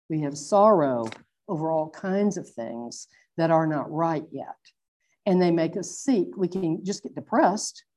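A middle-aged woman preaching a sermon, earnest and reflective, slowing down to stress her points. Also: low voice, darkish tone. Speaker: Bible teacher.

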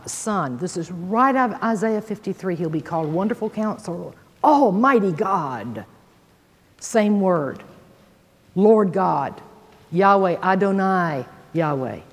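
A woman's voice: lowish voice, expressive, unhurried. A woman teaching a sermon, reading scripture with dramatic emphasis and folksy asides to her listeners. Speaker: Bible teacher. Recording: long hall reverb.

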